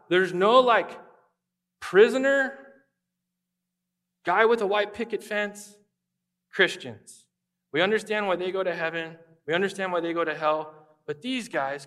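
A man preaching a conversational sermon as pastor, animated and acting out quoted voices. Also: high voice, measured pace, long pauses.

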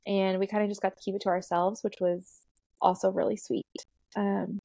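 A woman's voice: medium pitch, little pitch movement, normal speed, gravelly, dark tone, no room sound, studio quality. A woman in her thirties, a doula guest on a podcast, telling her birth story in a chatty way with frequent laughs and fillers. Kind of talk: casual storytelling interview.

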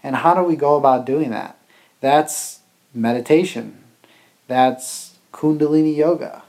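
A man earnestly recounting lessons from a ceremony, in a halting, reflective conversational way. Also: a little high, darkish tone. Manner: earnest, halting with fillers and restarts. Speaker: travel vlogger.

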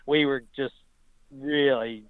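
A man telling racing stories in a casual interview, animated and halting, often restarting his sentences. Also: mid-range voice, clear, resonant tone, no room sound. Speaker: racing writer and guest. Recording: dull lo-fi dry recording.

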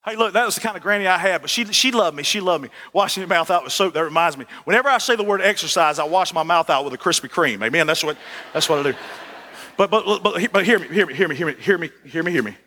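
A man preaching a sermon as the pastor, folksy and animated, repeating "listen" and asking for "amen". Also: high voice, fast talker.

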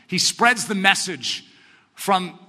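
A man preaching a sermon in an animated way, swinging from shouts to hushed tones. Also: high voice, slow, big-room sound.

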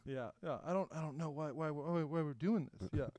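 A man's voice: fairly high pitch, a little fast, darkish tone, no room sound. A young man co-hosting a comedy podcast, rambling through a history story with lots of fillers and restarts. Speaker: podcast co-host telling the history. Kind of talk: casual comedic chat. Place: Houston.

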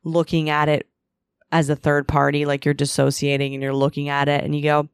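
A woman's voice: deep voice, completely flat delivery, brisk, smooth, no room sound. A woman hosting a solo podcast, telling a frank, profane, self-deprecating story about her relationships, sometimes acting out what she used to think. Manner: acts out her own past inner voice in quotes. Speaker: podcast host. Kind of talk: solo confessional monologue.

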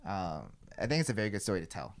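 A man's voice: sits low, very animated, quick pace. Young man rambling through a story. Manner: rambling storyteller, swears freely, many "like" fillers. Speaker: podcast host. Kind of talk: casual chat.

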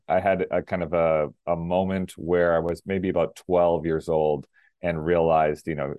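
A middle-aged man from Minnesota with a very deep, low voice tells the story of his tennis career as an interview guest. He talks in an easy, rambling way, full of fillers and restarts. The recording is dry and close, with no room sound. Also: a little mellow, dry recording. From Minnesota, USA. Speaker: guest, former pro tennis player. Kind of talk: casual interview talk.

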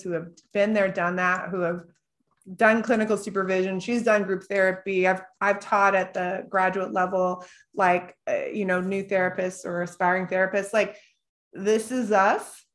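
A talkative woman co-hosting a podcast, speaking at an ordinary middle pitch. She laughs often and strings her thoughts together with plenty of "like" and "um." Her delivery is loose and conversational, like a therapist talking shop with peers. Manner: chatty, laughs often, lots of "like". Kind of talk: casual chat.

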